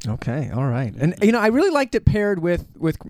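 A man's voice: high-pitched, huge pitch swings, brisk, darkish tone. A man hosting a radio interview, an eager fan who stumbles over his words. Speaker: radio host.

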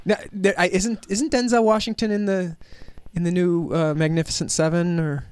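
A man's voice: sits high, steady tone, normal speed, a little mellow, clear, resonant tone, no echo. A man hosting a radio show, chatting informally with a guest. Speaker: radio host. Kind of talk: casual radio interview. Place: radio studio.

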